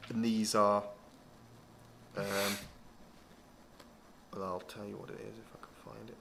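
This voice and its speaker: Low-voiced man teasing his co-host. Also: level tone, unhurried, creaky, bright, forceful tone, a little hiss or hum. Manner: crude, teasing storyteller who laughs often. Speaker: podcast co-host. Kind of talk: casual chat.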